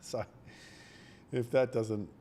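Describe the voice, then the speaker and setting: A man with a cold, talking quietly and bluntly into a close microphone during a day-trading live stream, swearing now and then. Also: mid-range voice, fairly even intonation, slow pace, a little hiss or hum. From Australia. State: has a cold. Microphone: microphone held very close.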